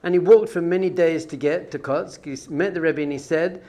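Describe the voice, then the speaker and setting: A man teaching a Torah class as a rabbi, animated and conversational, full of rhetorical questions. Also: fairly high pitch, a little fast, few pauses.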